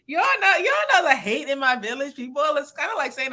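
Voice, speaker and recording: A woman hosting a casual chat, telling an animated story full of fillers and laughter. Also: high-pitched, brisk, hardly any pauses. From Nigeria. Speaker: podcast host.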